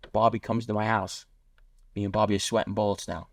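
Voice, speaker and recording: With vocal fry and a level tone, a lowish-voiced podcast guest delivers rapid, blunt street stories and quotes the people involved. The recording is dry and studio quality.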